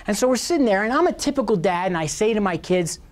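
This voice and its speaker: A man's voice: high voice, big pitch swings, quick pace. A man in his fifties, a professor telling a bawdy, self-mocking comic story to a lecture hall.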